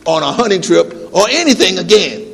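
A sour, pessimistic farmer grumbling that things will go wrong, as a preacher puts him on. His voice is high and gravelly. It echoes with a long hall reverb. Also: sing-song, a little fast, noisy background, full character voice. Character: gloomy complaining male farmer.

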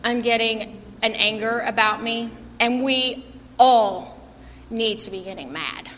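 This is a middle-aged woman preaching informally as a lay preacher in a church hall; her voice sits on the high side, a little slow and a bit bright. Earnest and self-deprecating, she laughs often, while long hall reverb and faint room noise fill the recording.

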